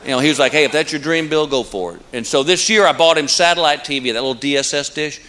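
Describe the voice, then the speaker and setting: A man doing a stand-up comedy routine, telling stories and landing punchlines in an animated way. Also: on the high side, quick pace. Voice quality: animated storyteller, punchline delivery. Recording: live club, loud audience. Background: crowd laughter.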